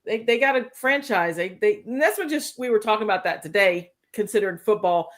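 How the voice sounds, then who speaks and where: A woman's voice: medium pitch, expressive, fairly quick. A woman co-hosting a podcast in casual chat, enthusiastic and rambling, often restarting her sentences. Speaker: podcast co-host.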